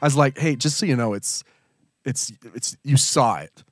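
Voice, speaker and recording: A man's voice: mid-range voice, normal speed, no room sound, studio quality. A man co-hosting a casual podcast chat, rambling and telling stories, acting out what others said. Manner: chatty, rambling, tells stories with quoted voices. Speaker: podcast co-host.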